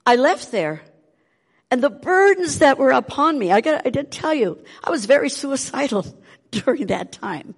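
An older woman with a high-pitched, slightly rough voice speaks at normal speed in a big-sounding room. Giving her testimony animatedly, she acts out the voices of the people in her story.

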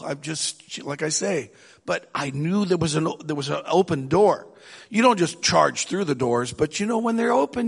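A man preaching a sermon in an earnest, conversational way that builds into emphatic exhortation, with a gravelly voice. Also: sits high, a bit bright. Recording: long hall reverb.

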